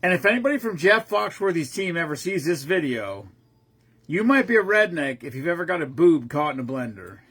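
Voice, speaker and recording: Man, livestream co-host, husky, jokey and crude. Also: on the high side, big pitch swings, brisk, fairly bright tone. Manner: teasing, crude wisecracks. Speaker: co-host reading viewer comments. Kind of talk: casual livestream banter.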